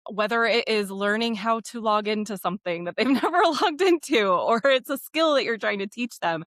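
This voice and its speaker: A woman's voice: mid-range voice, fairly bright tone, no echo, studio quality. A woman co-hosting a podcast in casual conversation, thinking aloud and often correcting herself. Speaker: podcast co-host.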